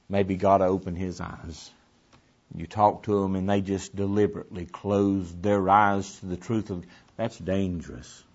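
A man preaching a sermon to a congregation, swinging between forceful emphasis and hushed near-whispers, repeating his phrases. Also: lowish voice, muffled recording. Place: church before a congregation.

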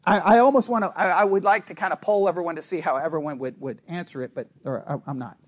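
A man teaching a Bible study class in an animated, conversational way, asking the class questions and correcting himself as he goes. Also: a little high, fast talker.

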